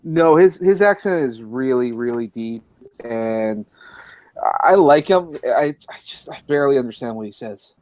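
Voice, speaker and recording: A man's voice: medium pitch, animated, moderate pace, darkish tone, no room sound. A man joining a livestream chat, speaking hesitantly with repeated restarts.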